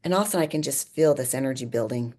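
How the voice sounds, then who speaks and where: Woman guest, low register, chatty and animated storyteller, leans on "like," laughs often. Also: rapid-fire. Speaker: podcast guest. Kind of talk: personal storytelling in conversation.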